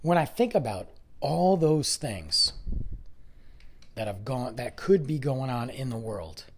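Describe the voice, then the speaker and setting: Animated, rambling podcast host in their forties. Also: mid-range voice, slow pace, slight background noise. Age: 40s. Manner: rambling, speculative, emphatic. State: losing voice, a bit hoarse. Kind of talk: casual monologue.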